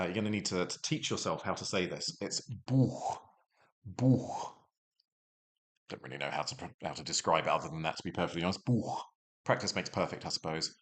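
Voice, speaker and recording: A young man with a low voice walks learners through a German lesson he recorded himself. He keeps it casual and chatty, drifting into rambling asides and poking fun at himself along the way. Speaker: German teacher.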